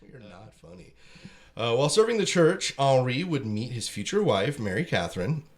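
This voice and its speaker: A man's voice: mid-range voice, sing-song, moderate pace. A man hosting a casual comedy podcast who jokes, laughs often and wanders into asides. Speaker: podcast host.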